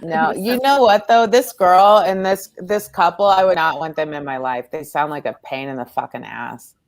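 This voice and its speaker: Blunt low-voiced woman. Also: moderate pace. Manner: blunt, wry, swears casually. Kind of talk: casual podcast chat.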